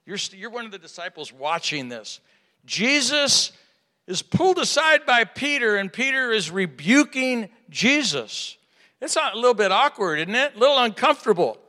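A man preaching a sermon to a live audience, asking rhetorical questions and swinging from hushed to loud. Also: very high-pitched, big pitch swings, moderate pace. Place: large hall with an audience. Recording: reverberant hall.

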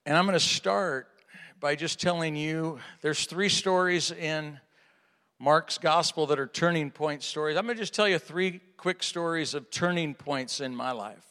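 Animated pastor preaching in a reverberant hall. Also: male voice, a little high, unhurried. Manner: animated storytelling, acts out dialogue. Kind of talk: sermon.

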